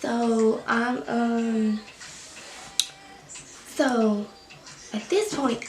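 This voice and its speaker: A young woman vlogger telling a story time, animated and slangy with quick bursts of emphasis. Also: a little high. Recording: roomy echo with faint music.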